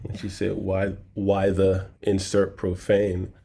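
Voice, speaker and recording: A middle-aged man tells a long personal story as a guest on a podcast. His voice sits low and has a husky edge. He animates the quoted lines and goes softer when the story turns sad. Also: completely flat delivery, slow. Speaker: guest author and poet.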